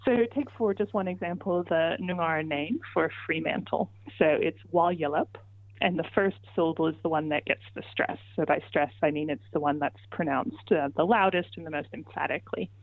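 A woman speaking in a somewhat low voice, explaining carefully as an interview guest. She is patient and methodical and builds her points through examples. Her voice comes through a tinny, dry phone line. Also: brisk, hardly any pauses, no room sound. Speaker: linguist guest explaining pronunciation.

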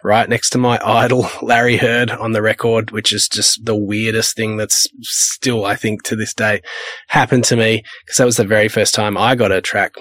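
A man's voice: fairly low pitch, flat delivery, moderate pace, fairly bright tone, no echo, studio quality. A man from Perth, a music producer and label owner who tells rambling, anecdotal stories in a casual interview. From Perth, Australia. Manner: rambling, anecdotal, acts out the people in his stories.

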